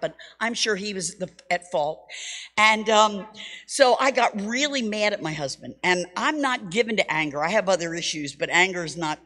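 Woman Bible teacher, mid-pitched voice, animated storyteller with wry asides, long church reverb. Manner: lively storytelling, reads scripture with drama; humorous asides. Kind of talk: teaching sermon.

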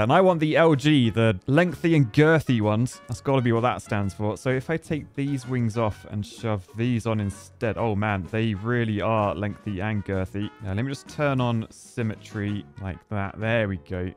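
A man's voice: fairly low pitch, normal speed, few pauses, soft background music. Chatty man narrating gameplay. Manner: chatty, jokey, self-mocking. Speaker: gaming YouTuber. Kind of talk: casual gameplay commentary.

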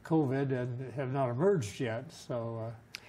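An older man interviewing a neighbor in casual chat, hesitant and halting. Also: medium pitch, mellow, slightly rough. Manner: hesitant, many fillers and restarts.

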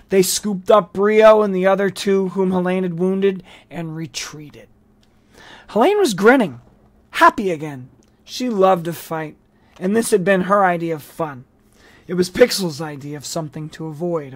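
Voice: medium pitch, no room sound. Casual audiobook narrator, dry sound. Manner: casual asides, small restarts. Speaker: audiobook reader. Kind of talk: storybook narration.

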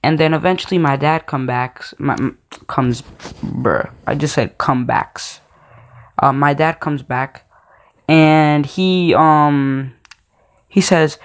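A man's voice: on the high side, slow. A man telling a personal story in a casual, slangy, rambling way, with many fillers and restarts. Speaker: storytime vlogger.

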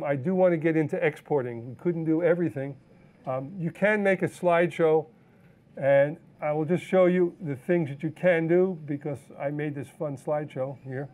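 A man teaching a live photo-editing software demonstration, explaining step by step in a relaxed way with fillers and self-corrections. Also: a little high. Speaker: photography instructor.

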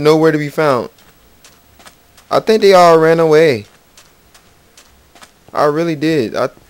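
In a medium-pitched voice, a gaming channel host provides casual let's play commentary, rambling and playful as he narrates and talks to game characters. Faint game music sits in the background.

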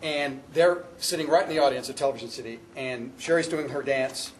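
A man telling a backstage anecdote in a casual, lively way, acting out the quotes as he goes, at a photo shoot. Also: mid-range voice, brisk, slight background noise. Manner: lively storyteller, acts out quotes. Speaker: ventriloquist telling a backstage story.

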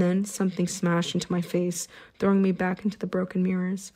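A woman reading an audiobook in the first person, with tense, steady storytelling. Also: fairly low pitch, fairly quick, hardly any pauses. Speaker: audiobook narrator.

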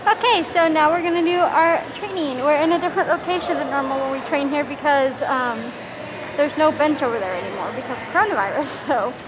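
Chatty high-voiced woman vlogging. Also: background noise. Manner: chatty and rambling, laughs often. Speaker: service dog handler vlogger. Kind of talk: casual vlog talking to camera. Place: outdoors at a park, later indoors at a mall. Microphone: handheld camera with wind muff.

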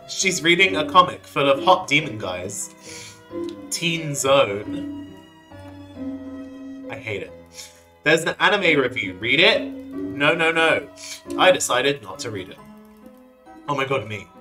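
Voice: mid-range voice, lively intonation, rough recording. A streamer giving playful, laughing commentary while playing a video game. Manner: playful, laughing, quick asides. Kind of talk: casual let's-play commentary. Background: game music.

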